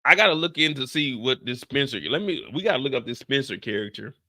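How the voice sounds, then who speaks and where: A young man from the Bay Area hosting a casual TV recap show, animated and profane, often acting out scenes. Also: mid-range voice, fast talker. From San Francisco Bay Area. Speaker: show host.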